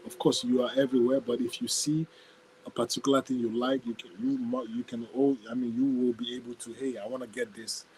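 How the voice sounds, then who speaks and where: A man's voice: medium pitch, little pitch movement, darkish tone, slight background noise, poor audio. A man hosting a podcast in casual chat, effusive and full of thanks, reading out and praising listener ideas. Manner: effusive, thanks people often, quick to laugh. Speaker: podcast host.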